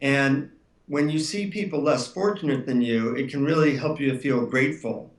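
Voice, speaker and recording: A man, an author being interviewed, telling relaxed anecdotes with frequent fillers. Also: medium pitch, moderate pace. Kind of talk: anecdotal storytelling. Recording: roomy room, distant mic.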